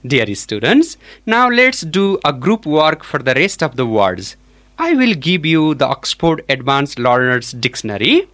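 A male teacher leads a pronunciation lesson, drawing out each example word deliberately. His delivery is unhurried and his pitch swings widely. The voice sits a little high for a man. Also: a bit bright. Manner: slow, deliberate, drawn-out model pronunciations. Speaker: English teacher.

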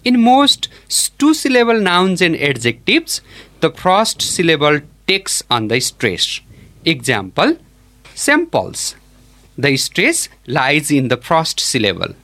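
A man teaching an English pronunciation lesson, modelling each word slowly and deliberately. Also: a little high, wildly swooping pitch, bright, forceful tone.

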